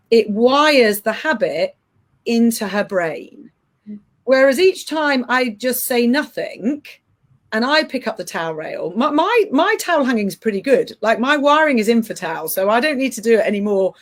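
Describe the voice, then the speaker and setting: A middle-aged woman coaching parents, explaining earnestly with frequent restarts. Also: on the high side. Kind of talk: advice-giving podcast chat.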